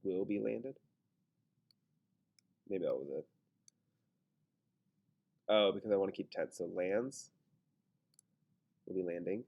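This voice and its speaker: A man's voice: sits low, slow, vocal fry, pauses often, highs cut off. A man teaching a grammar lesson in a casual way, thinking aloud and talking himself through his own mistakes. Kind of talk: screen-recorded grammar lesson.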